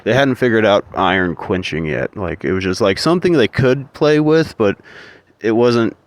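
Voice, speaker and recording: A man's voice: lowish voice, expressive, normal speed, no echo. A man in a rambling, profane, ranting monologue.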